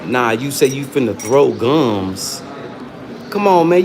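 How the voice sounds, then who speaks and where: A man's voice: mid-range voice, big pitch swings, takes it slowly, background noise. A man with hosting a livestream, taunting and arguing with users in his chat in a casual, combative way. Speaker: livestream host.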